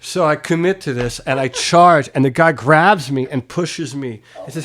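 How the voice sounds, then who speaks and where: Interviewed in a private home, a guest musician spins a long, casual tale, animated and profane, voicing the characters he quotes. His voice is a little high, and he keeps a moderate pace with hardly any pauses.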